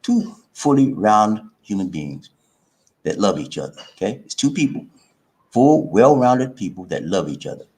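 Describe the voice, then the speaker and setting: A man's voice: on the low side, sing-song, moderate pace, a little mellow. A man, hosting a relationship advice livestream, preachy and playful, with rhyming chants and a repeated "okay?" after each point. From South Carolina. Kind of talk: casual livestream talk. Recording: echoey room.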